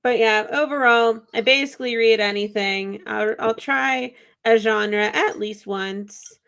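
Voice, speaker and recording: A woman's voice: a little high, a little slow, gravelly, a bit bright, clean tone. A woman chatting as a guest on a book podcast, teasing and playful. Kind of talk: casual chat.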